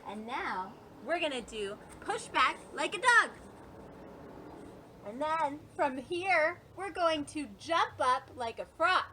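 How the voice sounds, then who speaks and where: With a high, animated voice at a slow pace, a woman guides kids and families through a playful yoga session, full of singing, a story, animal sounds, and sing-song talk. The background is noisy.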